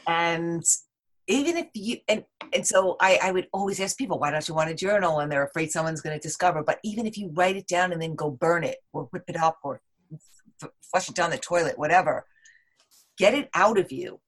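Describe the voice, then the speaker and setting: Animated woman podcast guest, lower voice. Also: fairly quick. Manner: animated, rambling, heavy on "like" and "you know". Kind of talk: casual interview chat.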